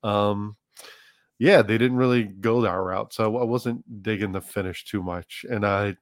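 A man's voice: on the low side, steady tone, measured pace, dry recording, clean studio sound. A man guesting on a podcast, giving rambling casual opinions full of likes and small laughs.

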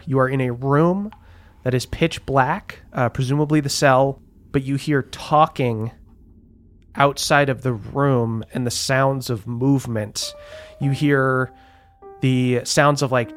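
A man narrating a tabletop game as game master, describing scenes in a relaxed way with lots of "um" and "like". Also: medium pitch.

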